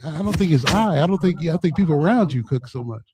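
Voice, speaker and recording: A man from Ohio fires off quick, stammering questions to needle the others in a group conversation. His voice sits a little high for a man, and other voices chatter behind him throughout. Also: expressive. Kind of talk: casual group chat.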